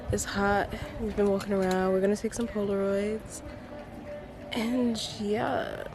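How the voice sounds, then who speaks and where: A woman's voice: medium pitch, background noise. A woman in her early twenties from Trinidad, chatting loosely with lots of fillers as she vlogs her holiday. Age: early 20s. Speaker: vlogger. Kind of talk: casual travel vlog. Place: holiday resort in Jamaica.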